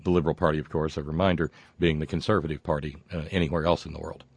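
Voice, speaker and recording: A man's voice: rumbling low, little pitch movement, very fast, creaky, slightly rough. An older American man hosting a casual show, reading listener mail aloud with wry, digressive asides.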